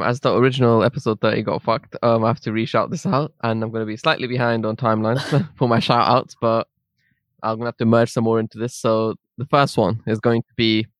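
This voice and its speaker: A young man, co-hosting a podcast in relaxed banter and laughing often. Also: mid-range voice, no echo, clean studio sound. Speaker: podcast co-host. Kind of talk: casual chat.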